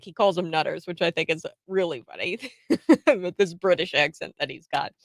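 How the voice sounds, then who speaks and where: A woman's voice: lowish voice, normal speed, pauses often, no echo. Chatty woman talk radio host. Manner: chatty, laughs often, many fillers and restarts. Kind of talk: opinionated talk radio commentary.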